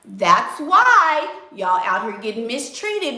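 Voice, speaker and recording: A woman's voice: medium pitch, lively intonation, a little slow, echoey room. A woman giving blunt, sassy dating advice while answering viewers in a casual live stream. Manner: blunt, sassy, emphatic, addresses viewers as y'all.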